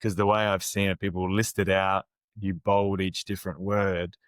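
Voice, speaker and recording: A man's voice: low voice, flat delivery, normal speed, no echo. A man hosting a podcast interview, talking things through in a thoughtful way and summing up what his guest says. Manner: thoughtful, summarizing the guest's points. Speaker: podcast host. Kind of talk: conversational interview.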